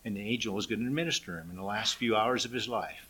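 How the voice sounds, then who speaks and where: A man preaching a sermon, reading scripture aloud and telling the story with animated, dramatic voice changes. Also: on the low side, fast, husky. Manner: animated storytelling, raising and dropping his voice for effect. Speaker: pastor.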